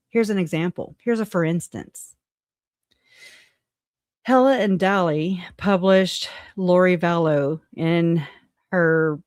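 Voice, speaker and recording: A woman's voice: lowish voice, darkish tone, no room sound, clean studio sound. A woman hosting a casual livestream, talking bluntly with swearing and frequent laughter between remarks. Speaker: livestream host.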